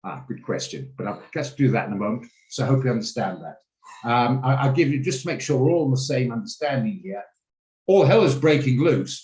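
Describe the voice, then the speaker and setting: A man's voice: medium pitch, animated, fairly quick, a little mellow, poor audio. A man teaching a live online trading class over a video call, chatty and rambling, often laughing as he explains. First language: English. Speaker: trading coach.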